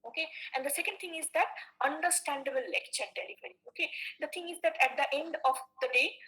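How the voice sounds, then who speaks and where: Bright-voiced woman lecturing, saying okay a lot. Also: high-pitched, fast, poor audio. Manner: repeats "okay" often, with fillers and restarts. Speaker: teacher. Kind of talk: classroom lecture.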